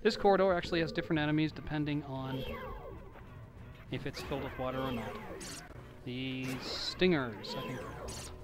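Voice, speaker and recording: A man's voice: medium pitch, moderate pace. Rambling joking young man gaming. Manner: rambling, joking, self-deprecating. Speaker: game commentator. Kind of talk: casual let's-play commentary. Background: video game music.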